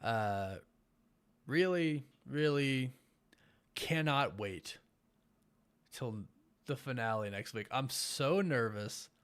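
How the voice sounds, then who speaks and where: A man's voice: medium pitch, expressive, takes it slowly, pauses often, smooth. A tired young man hosting a late-night live stream, rambling casually with many fillers as he thanks his viewers. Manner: enthusiastic, warmly thanks viewers. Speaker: host of a live watch party stream.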